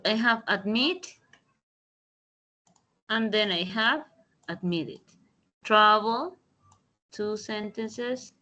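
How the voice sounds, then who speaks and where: A woman teaching an English grammar lesson over a video call, explaining slowly and deliberately. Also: medium pitch, sharp tone, low-quality recording. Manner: slow, deliberate explanations with Spanish translations. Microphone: computer mic in a video call.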